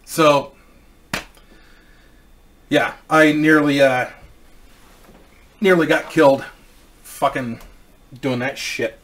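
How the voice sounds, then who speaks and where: A man's voice: fairly high pitch, fairly even intonation, very slow, pauses often, a bit bright. A man casually telling a personal story, rambling and swearing, with many restarts.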